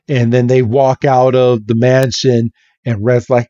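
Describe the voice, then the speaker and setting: A man's voice: medium pitch, fairly even intonation, normal speed, warm tone, no echo. A man hosting a podcast, recapping a story in a chatty way, stringing events together with "he's like.". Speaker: podcast host. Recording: dull, muffled lo-fi recording.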